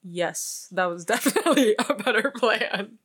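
A woman's voice: mid-range voice, lively intonation, measured pace, a bit bright, slightly rough. Woman podcast co-host, casual fanfic reader, playful asides. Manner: reads narration aloud, breaks off to joke and giggle. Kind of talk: casual reading and chat.

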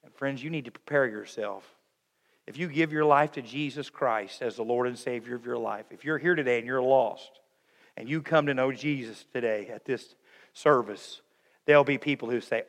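A man preaching a sermon, emphatic, moving between raised passages and hushed ones. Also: mid-range voice, moderate pace, in a large hall, highs cut off. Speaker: pastor.

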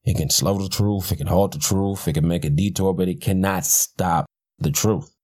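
A man's voice: low-pitched, steady tone, moderate pace, a little mellow. A man hosting a podcast, talking in a blunt, profane, rambling way with frequent restarts. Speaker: podcast host. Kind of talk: casual rambling commentary.

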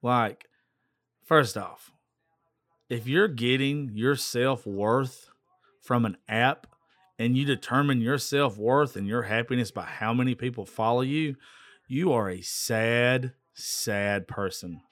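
A man hosts his own show and tells a story as a rant. He is blunt, exasperated and swears freely. His voice sits at an ordinary pitch and sounds dry and close, with no room around it. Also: takes it slowly, a bit bright, dry recording. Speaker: podcast host.

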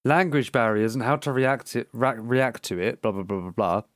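A man co-hosting a casual gaming podcast, talking in a relaxed, offhand way with casual swearing. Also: mid-range voice, moderate pace, no room sound, studio quality. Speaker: podcast co-host.

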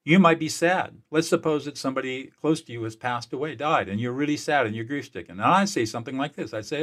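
A man who works as a mediator and peacemaker speaks fast in an interview, barely pausing, his medium-pitched voice energetic and emphatic. He frequently starts over and repeats words.

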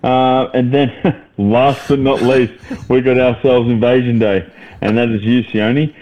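A man's voice: mid-range voice, fairly even intonation, measured pace, darkish tone, low-quality recording. A man co-hosting a podcast, rambling with lots of fillers and swearing as he ribs his mates. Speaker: podcast co-host. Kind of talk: casual banter.

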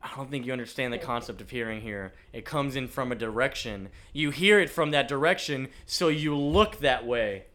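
A man co-hosting a relaxed episode recap, poking fun at his partner's ideas. His voice sits at a middle pitch for a man. He talks casually, with a teasing edge. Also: normal speed, hardly any pauses. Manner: teasing, mocking his co-host's theories. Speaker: podcast co-host.

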